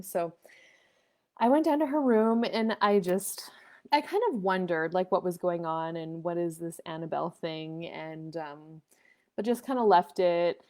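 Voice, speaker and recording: A woman's voice: on the low side, unhurried, darkish tone. A woman hosting a live online coffee chat, telling a story casually with restarts and acted-out quoted dialogue.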